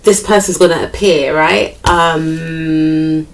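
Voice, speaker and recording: A woman's voice: low voice, steady tone, slow pace, recorded from a distance, rough recording. A woman giving a chatty tarot card reading, thinking aloud and repeating her phrases. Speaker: tarot reader.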